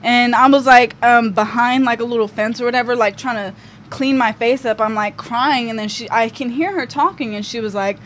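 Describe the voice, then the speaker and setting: The speaker is a young woman on a podcast, casually recounting a story and leaning heavily on "like" and "um" in a chatty way. Her voice is a little high and a bit bright, and she talks briskly; faint background noise is audible.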